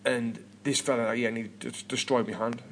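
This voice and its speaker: A man's voice: mid-range voice, steady tone, a little fast, fairly bright tone, a little hiss or hum. A British man in his thirties hosting a podcast, chatting casually and rambling with lots of restarts and repeated words. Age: 30s. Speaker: podcast host.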